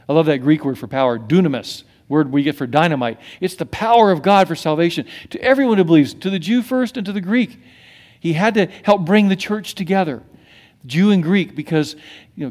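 A middle-aged man with a slightly high voice preaches as a pastor, animated and moving between hushed and emphatic moments. He restarts his sentences often.

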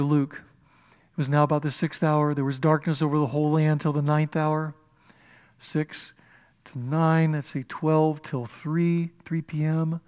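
Male pastor, impassioned sermon, shouts and whispers, church service, fairly high voice.

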